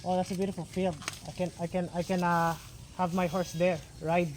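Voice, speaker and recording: A man's voice: high voice, flat delivery, brisk, a little hiss or hum. A young man vlogging outdoors on a farm, talking in a playful, boastful, rambling way. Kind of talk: casual farm vlog.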